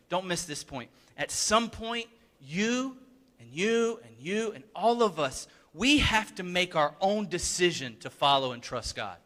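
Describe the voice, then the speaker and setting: A man preaching a sermon with a high, bright, forceful voice. He speaks earnestly and conversationally, doubling back on words to drive a point home. His voice carries the long reverb of a church hall. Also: lively intonation, normal speed. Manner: earnest, emphatic, conversational, repeats words for stress. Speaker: pastor. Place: church sanctuary.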